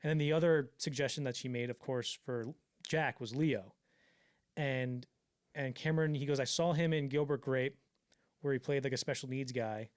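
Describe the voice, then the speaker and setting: A man telling a story on a casual podcast, swearing freely and acting out the quotes in quick put-on voices. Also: medium pitch, steady tone, clean tone, no room sound, clean studio sound. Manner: fast, profane, acts out quotes in voices. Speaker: podcast co-host.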